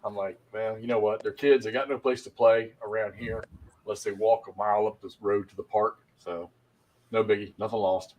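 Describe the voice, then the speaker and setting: A man's voice: fairly low pitch, fairly even intonation, a little fast, darkish tone, muffled recording, a little hiss or hum. A tired man telling a blunt, casual story to friends. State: worn out. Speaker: departing guest. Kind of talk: casual chat.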